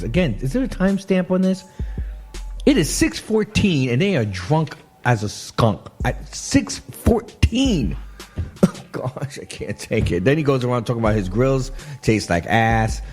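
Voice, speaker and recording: Lively laughing man hosting talk radio. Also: mid-range voice, measured pace, faint music behind. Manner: animated, laughing, repeats himself. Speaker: radio host. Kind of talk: casual commentary on clips.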